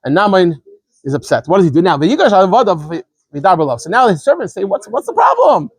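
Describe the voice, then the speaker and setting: A man, a rabbi, giving an informal Torah lesson, explaining quickly and animatedly, often stumbling and repeating words as he goes. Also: high-pitched, expressive, breathy edge, dry recording. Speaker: rabbi teaching a daily scripture class.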